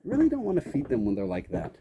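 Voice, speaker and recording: A man with a mid-range voice and wildly swooping pitch talks fast, vlogging outdoors beside a goat pen on his farm. Chatting casually to the camera and the animals, he playfully scolds his goats in a teasing sing-song. Faint wind and goat bleats can be heard behind him.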